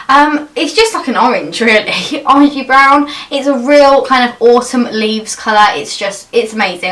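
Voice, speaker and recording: A young woman with a bright, fairly high voice, chatting about her favourite products. She gushes, using plenty of fillers. Her voice sits a little back from the mic. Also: recorded from a distance. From England. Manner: chatty and gushing, many fillers. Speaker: beauty vlogger. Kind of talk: casual product chat to camera.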